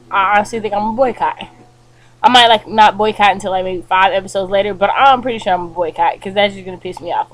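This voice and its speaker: A woman's voice: medium pitch, rough recording. Chatty young woman vlogging from bed. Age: young adult. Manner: chatty, animated, frequent fillers like um and like. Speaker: college student vlogger. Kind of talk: casual chat to camera. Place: bedroom, indoors.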